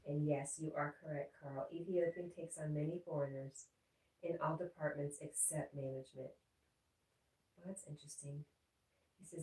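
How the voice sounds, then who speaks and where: A woman reading viewers' chat aloud in a relaxed live stream, breaking off to coo and laugh at her pets in a sing-song baby talk. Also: low-pitched, moderate pace, long pauses, recorded from a distance. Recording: echoey room, voice a bit off-mic, faint noise.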